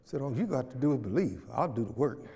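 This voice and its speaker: Leading a church Bible study in a large hall, this man starts conversationally and builds into fervent preaching. He throws questions to the congregation and repeats phrases in call-and-response teaching, his medium-pitched, dark voice moving quickly with big pitch swings.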